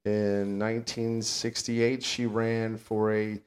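A man's voice: fairly low pitch, level tone, slow pace, a little mellow. An older man, co-hosting a casual podcast and ranting bluntly and sarcastically. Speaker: podcast co-host.

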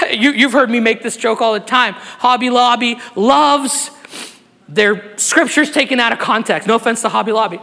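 A male pastor preaching a sermon to his church, swinging from quiet, tender passages to loud, shouted appeals. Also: extremely high pitch, moderate pace, gravelly, long reverb tail. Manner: emotional, swings from soft to shouted. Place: church sanctuary.

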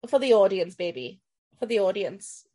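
A woman's voice: medium pitch, very animated, moderate pace, mellow. A woman who streams, chatting playfully as a podcast guest and laughing often. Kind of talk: casual chat.

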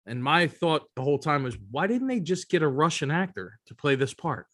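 A man's voice: a little high, very animated, a little fast, a bit bright, no room sound, studio quality. Rambling, emphatic male podcast co-host. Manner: rambling, emphatic, frequent "you know what I mean". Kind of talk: casual chat.

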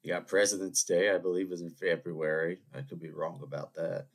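A man's voice: low voice, level tone, a little fast. Sniffly man rambling solo on a podcast. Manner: chatty, digressive, jokey asides to listeners. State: sniffly from a cold. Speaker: podcast host.

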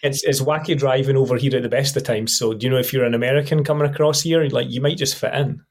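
A Scottish man chatting casually as a podcast guest, relaxed and full of fillers. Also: mid-range voice, fast. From Scotland. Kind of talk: casual conversation.

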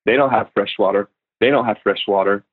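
Guy in his 30s on a phone-y remote call, lowish voice, earnest preacher type. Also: fairly quick, slightly rough. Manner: earnest, animated storytelling with many fillers. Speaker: guest minister. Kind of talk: podcast interview, spoken prayer. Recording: tinny phone-like remote line.

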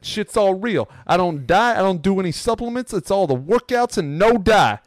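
A man voicing a loud, brash Italian-American New York baseball fan who swears and boasts in punchy one-liners. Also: sits high, lively intonation, normal speed, dry recording, clean studio sound, voice pushed up. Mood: boastful.

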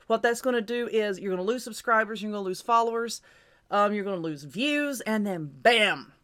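A woman's voice: mid-range voice, a bit bright. A woman hosting her own show, giving casual, reassuring advice in a chatty, repetitive way while stifling hiccups. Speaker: YouTuber and podcast host.

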